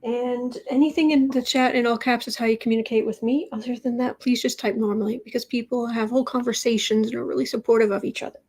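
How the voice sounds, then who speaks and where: A woman's voice: fairly high pitch, steady tone, fast, hardly any pauses, a little mellow, breathy edge. Chatty woman hosting a tarot livestream. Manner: chatty, talks to her cat between remarks. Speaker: tarot reader and livestream host. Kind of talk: casual livestream talk.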